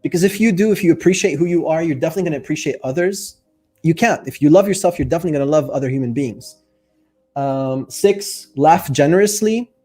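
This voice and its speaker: Earnest, mellow-voiced man with faint music. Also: fairly high pitch, fast talker. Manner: earnest, openly emotional, thinking aloud with many fillers. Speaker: life coach. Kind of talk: casual reflective monologue to camera.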